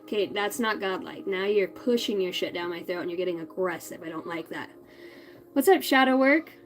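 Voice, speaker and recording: In her thirties, a woman hosts a tarot reading livestream, chatting casually and bluntly with viewers and swearing freely. Her voice is on the low side and brisk. The recording is rough.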